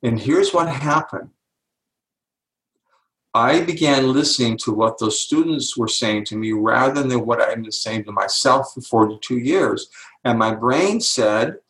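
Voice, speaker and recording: An older man, an author and speaker, telling stories in an interview and slowing down to stress key words. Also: mid-range voice, fairly bright tone, roomy sound, poor audio. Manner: slows down to stress key words, acts out quoted voices. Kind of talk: interview storytelling.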